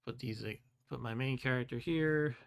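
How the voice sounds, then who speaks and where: A man in his forties hosting a live stream and reading a gamebook aloud in his own voice. He talks in a relaxed, chatty way, chuckles often and stumbles over foreign words. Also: medium pitch, moderate pace, creaky. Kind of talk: casual live-stream chat and read-aloud.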